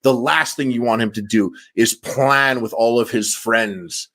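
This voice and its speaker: A man's voice: mid-range voice, measured pace. A man in casual podcast chat, telling stories at length and acting out what people said. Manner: animated storyteller, acts out quotes. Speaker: podcast guest.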